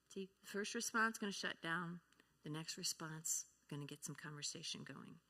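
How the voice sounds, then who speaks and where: An older woman teaches from the pulpit in an earnest, practical way. Her voice is bright and pointed, pitched somewhat low for a woman. Now and then she slips into short lines of sample dialogue. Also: normal speed, in a large hall. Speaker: church speaker. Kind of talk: sermon teaching.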